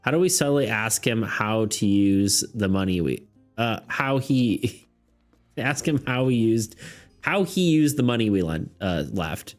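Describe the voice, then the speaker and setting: A man's voice: on the low side, expressive, unhurried, faint music behind. Easygoing man hosting a tabletop game. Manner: casual, hesitant narration with many fillers and laughs. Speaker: game master. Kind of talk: narrating a tabletop game on stream.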